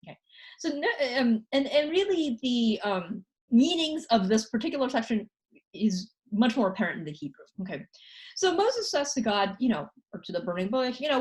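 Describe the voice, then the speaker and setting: Chatty woman lecturer, higher voice. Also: very animated. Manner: conversational, frequent "okay?" and "you know" fillers; reads scripture passages aloud quickly. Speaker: university lecturer. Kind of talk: recorded college lecture.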